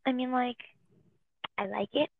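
A woman's voice: fairly high pitch, fairly even intonation, a little slow, creaky, a crowd in the background. A young woman co-hosting a casual podcast, bluntly giving songs number ratings. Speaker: podcast co-host. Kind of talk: casual chat reviewing songs. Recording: tinny phone-like line.

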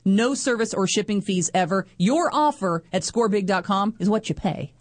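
A woman's voice: medium pitch, expressive, normal speed, dry recording. A woman co-hosting a live radio ad, playful and bantering. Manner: playful, bouncy, giggly. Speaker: radio co-host.

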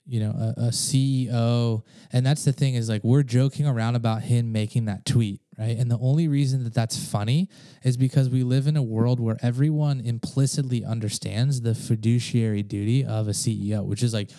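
Man, podcast host, mellow voice, dry close sound, loose and profane. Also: medium pitch, fairly even intonation, a little fast, no echo. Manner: casual, swears freely, laughs often. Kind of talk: casual conversation.

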